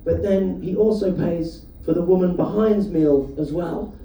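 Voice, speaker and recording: High-voiced male comic from the UK. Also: warm tone, slight background noise. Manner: storytelling, chatty, quick asides to the audience. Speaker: stand-up comedian. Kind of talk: stand-up comedy set with crowd work. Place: comedy club stage. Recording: roomy live venue, mic heard from a distance. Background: audience laughter.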